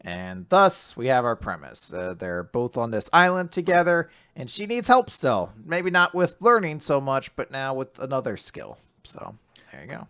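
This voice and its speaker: Animated man recapping comics. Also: mid-range voice, normal speed, creaky, clean tone. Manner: animated, acts out dialogue in voices. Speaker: podcast co-host. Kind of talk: casual chat recapping comics.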